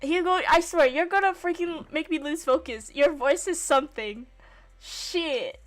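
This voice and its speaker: An excitable young woman streaming a game, gushing and swearing freely as she plays. Her voice is high, and soft background music runs faintly behind her casual commentary. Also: unhurried.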